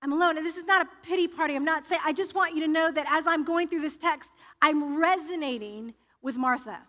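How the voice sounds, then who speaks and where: A woman preaching with a high, bright voice that rings through a reverberant sanctuary. She speaks in a personal, confessional way and often restarts her sentences. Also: fairly quick. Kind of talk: sermon. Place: church sanctuary. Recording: reverberant church hall.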